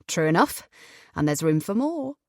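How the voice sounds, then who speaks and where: Woman voicing a jokey young holiday guy, lively, dry close read. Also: lowish voice, normal speed, vocal fry, no echo. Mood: playful. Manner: joking, playful. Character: playful young man on holiday, joking.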